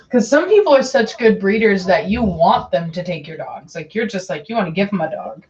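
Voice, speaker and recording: A woman dog breeder talks casually on her livestream and wanders from point to point. She fills gaps with ums and says things twice. Her voice sits in a middle pitch, and the audio is dull and lo-fi. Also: a little slow, darkish tone, a little hiss or hum. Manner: chatty and meandering, with many ums and repeats. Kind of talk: casual livestream chat answering viewer questions.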